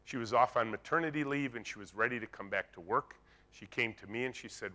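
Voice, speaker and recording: A man's voice: medium pitch, fast talker, bright, forceful tone. A man giving a conference keynote, telling a story and acting out the dialogue in it. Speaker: keynote speaker. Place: conference stage.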